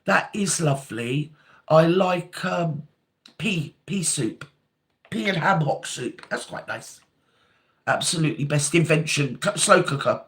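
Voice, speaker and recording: An older woman, hosting a casual live chat, reading out viewer comments and calling them darling. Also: low voice. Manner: chatty, calls viewers darling and sweetheart.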